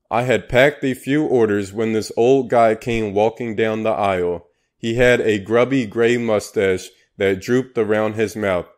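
Low-pitched male narrator, unhurried, dry storytelling read. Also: darkish tone. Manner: dry, unhurried, matter-of-fact. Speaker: audiobook narrator. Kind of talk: scripted narration.

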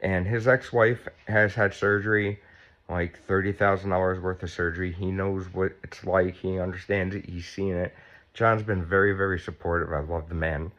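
Man, 50s, casual home vlog, fairly low voice, sore after surgery, frank and profane, slightly muffled lo-fi audio. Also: fairly even intonation, moderate pace, fairly bright tone. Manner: blunt, chatty, swears freely. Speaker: vlogger. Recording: dull lo-fi sound.

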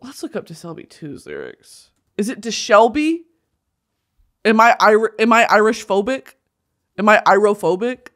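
Animated, gushing woman podcast host. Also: mid-range voice, normal speed. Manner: animated, gushing, self-deprecating, laughs often. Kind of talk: casual chat.

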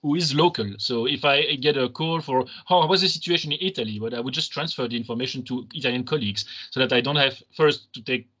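A seismologist giving a seminar over a video call, hesitant, with many restarts and fillers. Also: male voice, mid-range voice, fairly quick, few pauses, bright, forceful tone, breathy edge, lo-fi sound. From Belgium. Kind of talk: academic seminar talk.

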